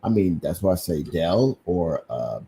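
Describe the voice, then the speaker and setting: Deep, lively-voiced man chatting loosely. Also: unhurried, vocal fry. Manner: loose, swearing, trailing off. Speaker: co-host. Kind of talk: casual chat on a live stream.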